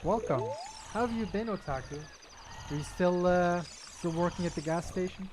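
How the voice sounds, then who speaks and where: A man's voice: high-pitched, moderate pace, darkish tone, a little hiss or hum. A young man from Belgium chatting with his viewers while gaming, friendly and prone to repeating himself. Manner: friendly, repeats his own phrases, talks to chat by name. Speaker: streamer. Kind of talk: casual chat while gaming. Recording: game music playing behind.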